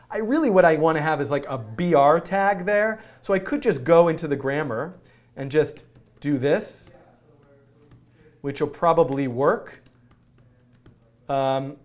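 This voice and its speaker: Chatty man teaching code live. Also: on the high side. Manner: chatty, self-narrating while typing code; jokey, laughs at himself. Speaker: coding instructor. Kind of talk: live-streamed coding lesson.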